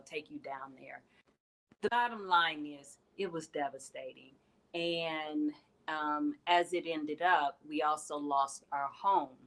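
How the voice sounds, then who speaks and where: Middle-aged woman, host, bright voice, earnest candid motivational talk, emphatic rises. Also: low-pitched, rough recording. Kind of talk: heartfelt motivational talk to viewers.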